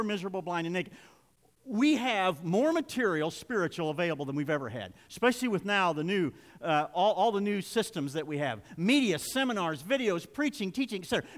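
In a church sanctuary, an older pastor delivers a folksy, confessional sermon that climbs toward emphatic points. His voice is high and rings out with the sound of a large room.

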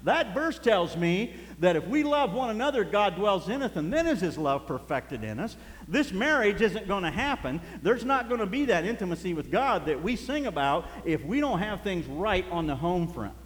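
A man's voice: high voice, sing-song, normal speed. A man preaching a sermon, telling folksy stories and chuckling as he goes. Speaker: pastor. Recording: echoey hall.

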